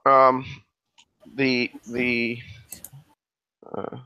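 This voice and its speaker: A man narrating as game master, speaking in a halting way with many fillers and restarts. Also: medium pitch, monotone, smooth, no room sound, lo-fi sound.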